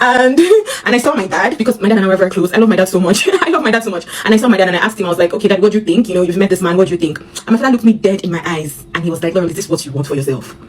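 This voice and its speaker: A Nigerian woman rapidly retelling a personal story, acting out the dialogue. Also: fairly high pitch.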